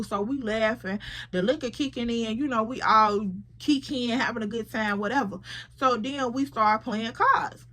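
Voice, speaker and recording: A woman, casually telling a story to camera and quoting friends in quick, slangy voices. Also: a little high, sharp tone. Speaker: storytime vlogger.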